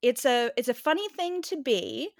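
A woman's voice: high voice, animated, normal speed, vocal fry, no room sound, studio quality. A woman in her thirties co-hosting a podcast, chatting casually and laughing as she thinks aloud. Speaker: podcast co-host. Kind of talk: casual chat.

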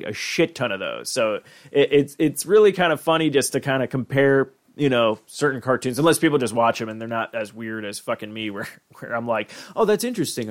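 A man hosting a podcast in casual chat, rambling with many restarts and swearing freely. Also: mid-range voice. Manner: rambling, profane, frequent restarts. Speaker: podcast host.

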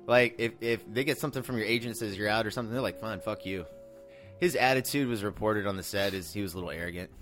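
A man's voice: on the low side, rapid-fire, hardly any pauses, fairly bright tone, faint music behind. A man co-hosting a film podcast in casual chat, laughing often and swearing casually. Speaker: podcast co-host.

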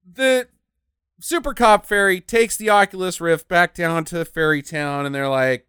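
A man's voice: high voice, unhurried, a bit bright, clear, resonant tone, dry recording, clean studio sound. A man co-hosting a podcast, ranting and mocking as he recaps a movie, with lots of swearing. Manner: ranting, mocking, acts out characters in silly voices. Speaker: podcast co-host reviewing a movie. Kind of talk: profane casual movie recap.

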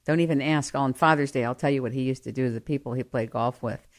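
A woman telling personal family stories in an animated way, often laughing. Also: extremely low pitch, fast. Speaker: storyteller. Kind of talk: personal storytelling monologue.

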